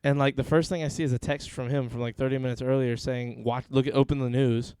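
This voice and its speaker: Man, podcast host, casual chat, sarcastic, animated storyteller, clear resonant voice, dry close sound. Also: medium pitch, fast, dry recording. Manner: sarcastic, animated storyteller who acts out quotes.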